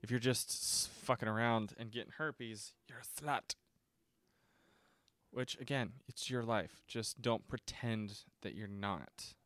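Reading from notes at a desk microphone, this solo movie-review podcast host talks casually, rambling and profane, with constant fillers and restarted sentences. His voice is fairly low and a bit bright, and he takes his time; there's no room sound.

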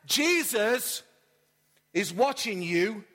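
A pastor voicing a cheeky male pet parrot that gives a flat, low warning, in a reverberant church hall. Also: extremely slow, heavily acted.

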